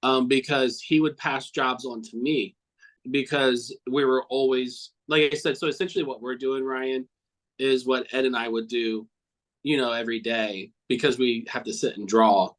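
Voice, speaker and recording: Speaking at a moderate pace with fairly even intonation, a man recalls a friend during a relaxed, heartfelt interview. He's a cartoonist guest with a mid-range voice who rambles, swears occasionally, and earnestly says things more than once, all on a low-quality recording.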